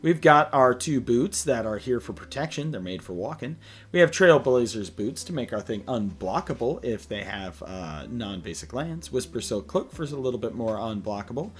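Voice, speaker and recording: A man's voice: mid-range voice, moderate pace. Tired man reading card text aloud. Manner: relaxed, lots of "uh" fillers, reads card text aloud. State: tired, late at night. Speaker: deck tech host. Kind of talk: casual card-by-card walkthrough.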